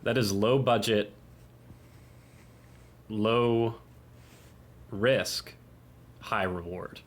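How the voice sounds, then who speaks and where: A man co-hosting a podcast with dry, deadpan banter. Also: on the low side, extremely slow. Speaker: podcast co-host.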